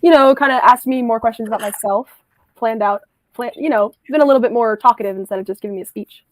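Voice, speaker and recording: Higher-pitched woman, quick, giggly and hesitant, dry close sound. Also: dry recording, rough recording. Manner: giggly, hesitant, many ums. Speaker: speed date participant.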